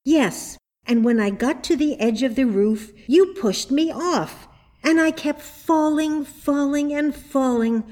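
A woman's voice: slow, a little mellow. Woman doing an earnest, complaining little girl. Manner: raised pitch, eager and insistent.

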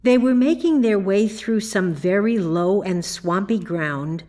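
Slow, calm woman reading a storybook. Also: medium pitch. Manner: calm, unhurried narration. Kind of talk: storybook read-aloud.

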